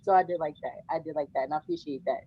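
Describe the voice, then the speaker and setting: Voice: medium pitch, expressive, rapid-fire, vocal fry, highs cut off, background noise. Caller with a Long Island accent. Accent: New York, Long Island. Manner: warm, laughing, openly emotional. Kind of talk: casual chat.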